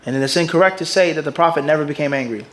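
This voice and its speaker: A man's voice: on the high side, very fast, faint music behind. A middle-aged man, a mufti, gives a religious lecture to a class. He keeps leaving blanks for the listeners to fill in and checks that they follow him. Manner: quizzes listeners with fill-in "what?" prompts; keeps checking "everybody understand this?". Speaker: mufti teaching a hadith class.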